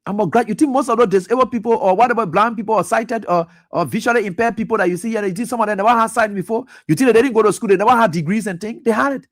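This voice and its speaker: Impassioned man, high-voiced talk host. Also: racing, hardly any pauses. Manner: impassioned, accusatory, repetitive questioning. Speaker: radio talk show host. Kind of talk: political commentary. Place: radio studio.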